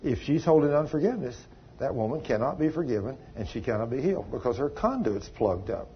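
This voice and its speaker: A man's voice: medium pitch, expressive, a little fast, highs cut off, slight background noise. A man preaching a sermon, folksy and emphatic, telling a story with sudden exclamations.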